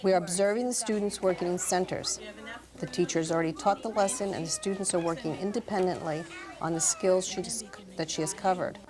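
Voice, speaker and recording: A woman, a guest on an education program, explaining classroom footage in a measured voice-over. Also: lowish voice, fairly even intonation, crowd noise. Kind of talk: voice-over narration.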